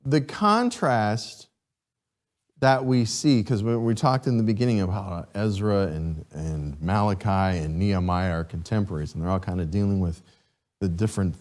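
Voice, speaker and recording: A man teaching a Sunday school class, reading scripture and questioning his students in a lively, chuckling way. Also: on the low side, measured pace. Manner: animated, asks the class questions, chuckles often.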